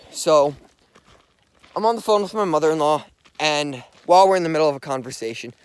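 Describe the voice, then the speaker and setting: A man's voice: on the high side, clear, resonant tone. A young man telling a story in a casual, rambling way while walking a dog outdoors, with many "like"s. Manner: earnest, rambling, heavy use of "like". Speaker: vlogger. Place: outdoors, walking along streets.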